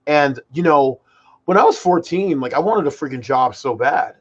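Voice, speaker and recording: Here the same kind of rambling co-host, a young man in his twenties, speaks at normal speed in a slightly rough, higher voice, with the highs cut off. His casual, excitable stories overflow with "like" and "freaking."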